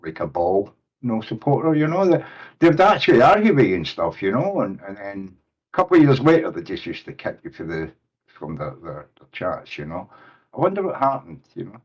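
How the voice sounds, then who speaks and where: A man's voice: fairly low pitch, very animated, a little fast. A man calling into a voice chat, talking in a rambling, reflective way with the odd chuckle, over muffled audio. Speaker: guest caller. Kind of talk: casual voice-chat conversation.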